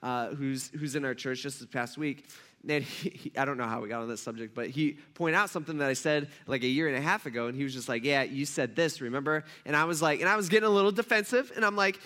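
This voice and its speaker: A man preaching a sermon as a pastor in church, conversational and self-deprecating, acting out quoted voices with big jumps in pitch. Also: fast talker, pushed and bright. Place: church hall.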